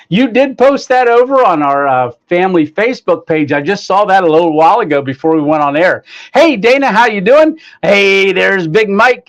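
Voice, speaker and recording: A man hosts a casual livestream and reads out viewer comments, greeting people by name with plenty of fillers. His voice sits a little high. The sound is dull and lo-fi, with a clip-on mic that gets staticky. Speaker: livestream host. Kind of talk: casual live chat reading viewer comments. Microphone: clip-on microphone, sometimes staticky.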